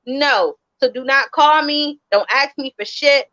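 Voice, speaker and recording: A woman's voice: high-pitched, a little slow, bright, forceful tone, lo-fi sound. A woman co-hosting a podcast in casual chat, blunt and emphatic. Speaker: podcast co-host.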